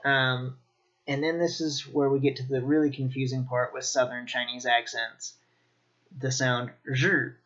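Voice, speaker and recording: A man teaching Mandarin pronunciation in a slow, demonstrative way, repeating each sound. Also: mid-range voice, flat delivery, fairly bright tone, highs cut off. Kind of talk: pronunciation lesson.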